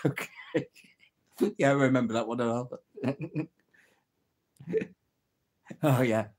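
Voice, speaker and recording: A man hosting a casual live stream, telling old jokes, reading out viewer comments and laughing at his own punchlines. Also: mid-range voice. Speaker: livestream host.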